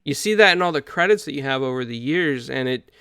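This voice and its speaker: A man's voice: medium pitch, lively intonation, quick pace, vocal fry, sharp tone, clear, resonant tone, no echo, studio quality. A man hosting a casual interview, enthusiastic and a little rambling. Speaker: host.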